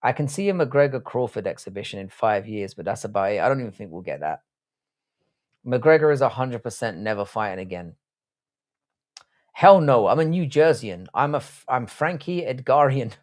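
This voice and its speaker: A medium-pitched man with lively intonation, speaking at normal speed. In his thirties and from England with a South London accent, he hosts a livestream while watching fights, bantering bluntly and profanely and reading his chat aloud.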